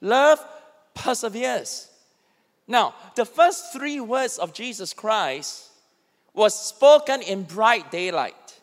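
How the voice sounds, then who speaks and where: A man's voice: high voice, takes it slowly, big-room sound. A man pastor preaching a sermon, acting out quoted lines as he speaks. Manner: animated, acts out quoted speech.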